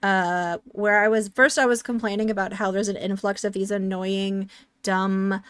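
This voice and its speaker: A woman's voice: mid-range voice, flat delivery, normal speed, clear, resonant tone, no echo, clean studio sound. A woman streamer chatting casually while playing a game, rambling and sarcastic as she answers chat.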